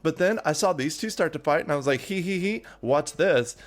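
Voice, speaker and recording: A woman voicing a bubbly, excitable young woman who squeals with glee. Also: low-pitched, a little fast, soft background music, voice pushed up. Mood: giddy. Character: giddy bubbly young woman, Ayala's half-sister.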